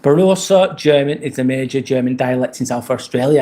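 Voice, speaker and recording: This British streamer has a mid-range voice and a slightly quick pace. His loose, relaxed chatter wanders as he goes through comments from viewers, thanking them again and again.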